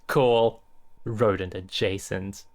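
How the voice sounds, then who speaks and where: A man streaming a game, swearing casually, reading aloud and thinking out loud. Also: lowish voice, fairly even intonation, takes it slowly, very noisy. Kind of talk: casual let's-play commentary. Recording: game music playing behind.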